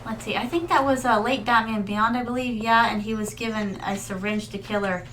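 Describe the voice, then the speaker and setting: A woman's voice: fairly high pitch, fairly even intonation, a little fast, a bit bright, a little hiss or hum, poor audio. A woman Vtuber streamer chatting casually and rambling through stories while playing, calling her viewers her darlings. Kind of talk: casual gaming livestream chat.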